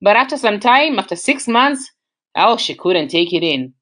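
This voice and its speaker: An Australian woman shares a personal relationship story at a normal pace, casual and animated, her pitch jumping up for emphasis.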